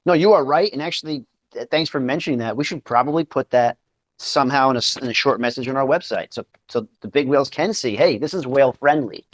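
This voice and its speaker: A man's voice: mid-range voice, fast. A man as guest in a casual talk, earnest and often checking in with "right?". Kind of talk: casual chat.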